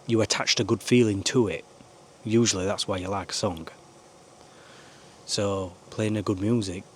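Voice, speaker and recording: Guy rambling earnest advice, lowish voice, bit of faint hiss behind. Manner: rambling, earnest, swears now and then. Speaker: vlogger. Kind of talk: casual advice talk to camera.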